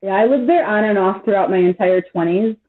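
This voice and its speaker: Through tinny phone-like call audio, a woman in her thirties chats casually on a live stream at a medium pitch and fairly quick pace. She rambles, swears freely, and uses "like" a great deal.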